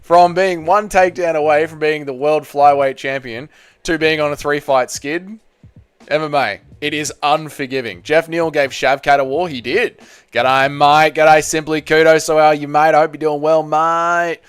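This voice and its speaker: A man's voice: on the high side, steady tone, moderate pace, clean tone, dry recording. An Australian man hosting a live stream, reading viewer chat aloud and answering in crude, joking banter. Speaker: channel host.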